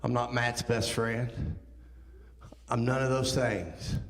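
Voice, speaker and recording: A man's voice: medium pitch, steady tone, slow pace. A man in his thirties giving a guest testimony at church, telling his life story with impassioned, rising emotion. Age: 30s. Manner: impassioned storytelling, rising to near-shouting at peaks. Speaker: guest speaker. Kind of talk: testimony talk. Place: church sanctuary. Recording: roomy church hall reverb.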